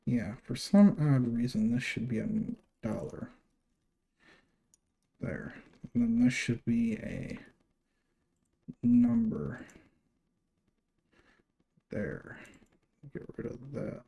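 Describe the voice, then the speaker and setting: Guy rambling thru his screen share, lots of ums, slow and kinda gravelly. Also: mid-range voice, sing-song, mellow. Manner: rambling, hesitant, many fillers. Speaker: channel host. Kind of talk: casual screen-share walkthrough.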